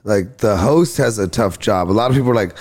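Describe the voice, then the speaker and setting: A stand-up comedian talks casually on a podcast, his voice fairly low and a little quick. He tells stories with energy, acting out his back-and-forth with crowds and laughing often.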